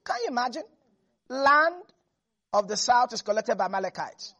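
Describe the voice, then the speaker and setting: A preacher giving an animated sermon, repeating lines for emphasis and laughing often. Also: medium pitch, moderate pace. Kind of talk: lively sermon.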